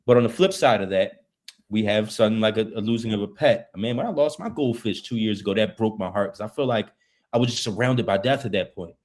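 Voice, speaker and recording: A man's voice: fairly low pitch, fast talker. A man speaking as an interview guest, earnest and open, in casual slang.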